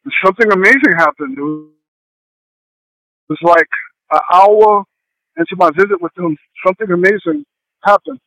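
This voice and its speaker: A man sharing a heartfelt personal testimony, speaking haltingly with many pauses and fillers. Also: high voice, bright, forceful tone, no room sound, rough recording. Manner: earnest and heartfelt.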